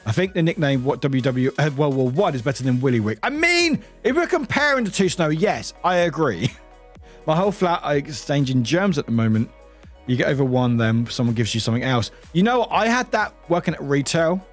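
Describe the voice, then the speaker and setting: A man from the UK, a streamer chatting casually and animatedly with his live chat from home. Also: medium pitch. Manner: animated, laughing, greeting chat by name. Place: home room.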